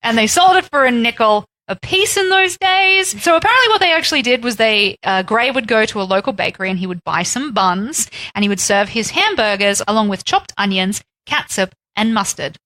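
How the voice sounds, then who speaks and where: A woman's voice: fairly high pitch, expressive, fairly quick, hardly any pauses, bright, forceful tone, dry recording, rough recording. A woman co-hosting a casual podcast, chatty and often laughing. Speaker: podcast co-host. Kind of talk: casual chat.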